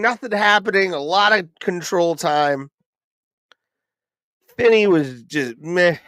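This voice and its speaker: A young man hosts a live fight-reaction stream, cursing and grumbling through casual commentary packed with fillers. His voice sits a little high and his pace is unhurried. The recording is dry and close, with little room sound. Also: fairly bright tone, dry recording. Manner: frustrated, profane ranting with many fillers. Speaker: livestream host reacting to fights.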